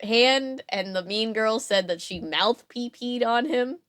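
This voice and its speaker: A woman co-hosts a podcast, chatting casually in an amused way with lots of fillers and restarts. Her voice is a little high and fairly bright in tone, and she speaks a little slowly.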